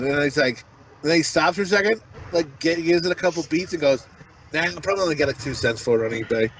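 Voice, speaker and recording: A middle-aged man co-hosting a podcast, rambling and swearing as he tells stories, with loud acted-out quotes. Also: on the high side, fast talker, slight background noise. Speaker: podcast co-host. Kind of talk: casual comedic chat.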